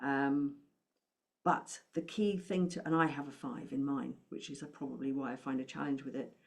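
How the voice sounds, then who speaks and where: A woman's voice: rumbling low, steady tone, normal speed, vocal fry. A woman speaking as a money coach, giving an encouraging talk to camera and asking the listener questions.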